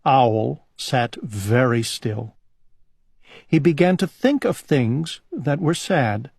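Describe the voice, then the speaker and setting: A man reading a children's storybook aloud in a calm, gentle, unhurried way. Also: medium pitch, creaky, breathy edge, no echo, clean studio sound.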